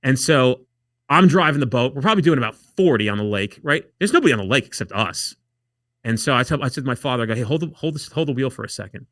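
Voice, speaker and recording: A man's voice: medium pitch, fast, no echo, studio quality. A man on a podcast telling wild stories casually, swearing a lot and acting out what others said. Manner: profane, animated storyteller acting out quotes. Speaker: podcast guest. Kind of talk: casual storytelling.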